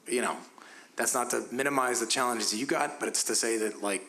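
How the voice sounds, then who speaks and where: A man speaking on a panel, casual with halting starts, then building to emphatic encouragement of the audience. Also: medium pitch, sharp tone, a little hiss or hum, rough recording. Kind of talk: informal panel remarks.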